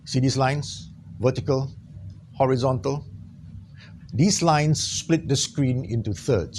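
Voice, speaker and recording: A man teaching an on-camera tutorial in a small studio, lively and jokey, checking in with his viewers often. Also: medium pitch, slow pace, pauses often, slight background noise. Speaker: trainer.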